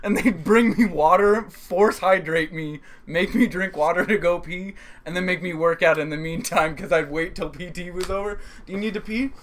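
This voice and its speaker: A man in casual chat who laughs often while chiming in with his own animated story. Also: high-pitched, moderate pace, hardly any pauses.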